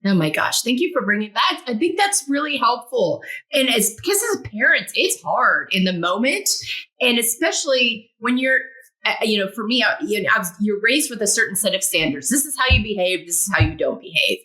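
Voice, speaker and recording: A woman hosting a podcast interview, affirming her guest often with quick agreements and laughter. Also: on the high side, sing-song. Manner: warmly affirming, frequent short agreements. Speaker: podcast host. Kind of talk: casual interview chat.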